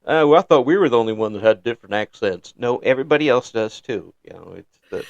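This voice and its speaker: Lively American man hosting a podcast. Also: medium pitch, fast, no room sound, muffled recording. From United States. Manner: jokey, laughs between lines. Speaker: podcast host. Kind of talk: casual interview chat.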